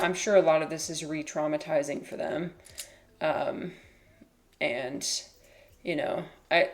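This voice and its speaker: A woman livestreaming in casual chat, rambling and hesitant with many fillers and restarts, now and then cooing softly to her cat. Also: deep voice. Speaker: livestreamer and teacher.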